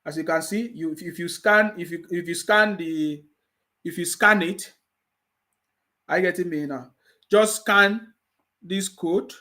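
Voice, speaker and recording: A man's voice: high voice, a little slow, pauses often, sharp tone. A man with a Nigerian English accent hosting a live stream, reading viewer comments and scolding his critics with repeated mocking taunts. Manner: reads viewer comments aloud.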